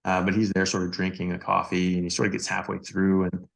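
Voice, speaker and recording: A deep-voiced man with a gravelly edge tells a story on a podcast. He talks casually as a doctor guest, circling back with fillers and doubled words. His delivery stays animated and loose. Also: fast.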